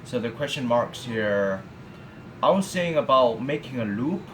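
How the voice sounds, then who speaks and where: A young man whose first language is Vietnamese teaches brush calligraphy in a casual tutorial, halting often with fillers and restarts. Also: medium pitch, animated, fairly bright tone, reverberant, a little hiss or hum. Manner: halting, many fillers and restarts, friendly asides. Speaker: calligraphy instructor. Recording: tinny phone-like audio.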